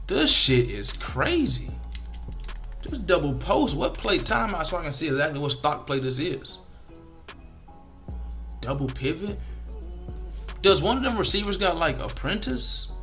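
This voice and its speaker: Young male gamer, slightly high, bright voice, salty casual commentary, faint music bed. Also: normal speed, pauses often. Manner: frustrated, animated, swears a lot, African American Vernacular English speech patterns. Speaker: video game streamer.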